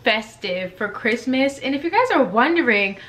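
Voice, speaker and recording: A woman's voice: on the high side, expressive, normal speed, fairly bright tone. A woman in her twenties chatting casually in a vlog from her bedroom, rambling with lots of ums and likes. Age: 20s. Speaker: vlogger. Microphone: compact camera in front of her.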